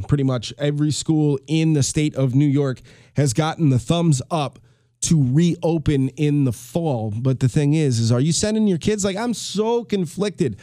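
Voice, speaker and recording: A man's voice: fairly high pitch, mellow, dry recording, studio quality. A man in his forties hosting a solo talk show, rambling and self-deprecating in a casual, conversational way. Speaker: podcast host. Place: home studio in New York.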